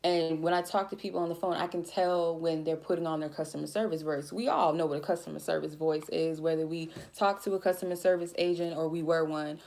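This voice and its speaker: A woman tarot reader giving a blunt, profane, laid-back spiritual reading in a mellow, chill way. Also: deep voice, steady tone, a little fast, gravelly, few pauses. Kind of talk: casual spiritual reading monologue.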